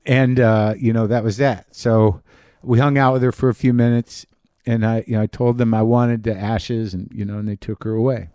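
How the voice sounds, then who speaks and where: Middle-aged male host, rambling personal monologue with restarts, warm low timbre. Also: fairly even intonation, clear, resonant tone, no echo, clean studio sound. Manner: halting, many restarts and fillers. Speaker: podcast host.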